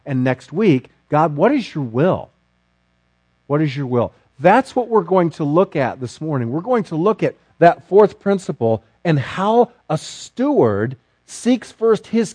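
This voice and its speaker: A male pastor delivers a sermon in an animated, expressive style. His pitch is a touch high and ranges widely as he climbs into emphatic questions. The sound is close and dry. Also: dry recording.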